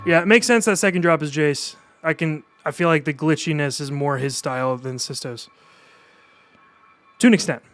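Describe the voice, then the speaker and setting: A man's voice: a little high, normal speed, a bit bright. A young man streaming live, reacting to new music in a casual, enthusiastic way and chatting with his viewers.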